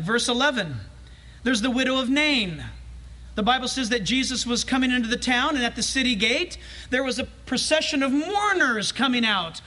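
A male pastor preaching a sermon in a church, animated and humorous, acting out scenes as he tells them. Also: very high voice.

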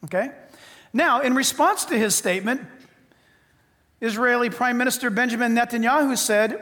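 American male preacher, very high voice, emphatic punchy lines, long hall reverb. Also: normal speed, long pauses, sharp tone. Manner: emphatic, repetitive, punchy short phrases. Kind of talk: sermon.

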